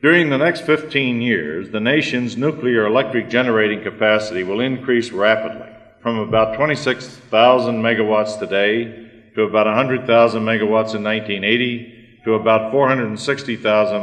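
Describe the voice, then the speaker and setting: A man with a somewhat low voice gives a measured conference talk, pausing on fillers and clearing his throat. The sound comes from an old archive recording in a large hall with a long reverb. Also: a bit bright. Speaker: conference speaker. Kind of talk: prepared conference talk with a joke.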